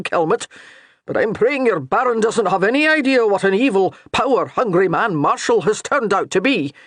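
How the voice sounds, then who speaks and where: A man voicing a dour, mocking Highland priest with a thick Scottish brogue in an audiobook. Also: fairly bright tone, dry recording, clean studio sound.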